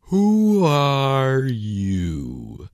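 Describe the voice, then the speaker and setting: A man voicing a languid, stern male caterpillar who smokes a hookah, speaking slowly and sleepily in a storybook reading. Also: mid-range voice, huge pitch swings, a little mellow, no echo, clean studio sound, voice pushed up, exaggerated voice. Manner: slow, drawn-out, sleepy.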